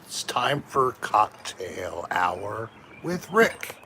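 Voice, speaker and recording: Hosting a casual home live stream, a man with a low voice speaks very slowly yet very animatedly, his tone pushed and bright. He chats with viewers and reads out their names one at a time, over slight hiss or hum.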